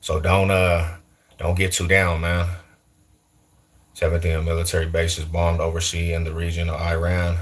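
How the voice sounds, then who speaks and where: A man's voice: deep voice, monotone, moderate pace. A man in his forties from East Side Denver with a local street accent, chatting casually on a livestream in heavy slang, repeating himself and laughing often. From East Side Denver, Colorado. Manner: slangy, repetitive, laughs a lot between remarks. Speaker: YouTuber. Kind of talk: casual livestream chat answering comments.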